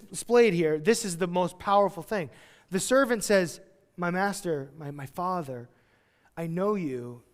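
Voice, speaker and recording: A man delivers a verse-by-verse sermon in a high, bright voice, his words ringing in a church hall. He speaks casually, drifts into self-deprecating asides and briefly acts out quotes. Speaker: pastor. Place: church sanctuary.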